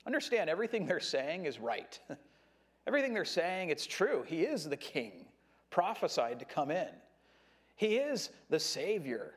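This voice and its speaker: A man with a high, light voice delivers a sermon in a loose, conversational way. He keeps acting out the shouts of a crowd and jumps up in pitch when he does. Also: normal speed. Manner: conversational, animated preaching with voiced crowd quotes. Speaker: pastor.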